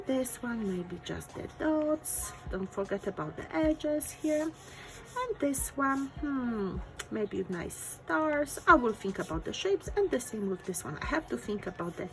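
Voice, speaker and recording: Gravelly-voiced woman teaching drawing. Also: on the high side, big pitch swings, takes it slowly, faint music behind, low-quality recording. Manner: encouraging, thinking aloud while drawing. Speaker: art teacher. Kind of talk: step-by-step drawing lesson.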